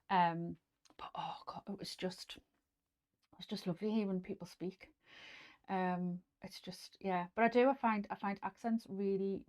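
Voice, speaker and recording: A woman with a Geordie accent hosting a casual sewing live stream, chatting through viewer comments with lots of fillers and restarts and dropping to near-whispers at times. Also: on the low side. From North East England.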